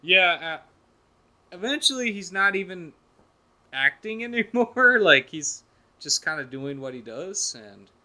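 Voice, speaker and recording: A man's voice: high-pitched, sing-song, slow, pushed and bright. Laughing, teasing podcast co-host man. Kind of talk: casual chat.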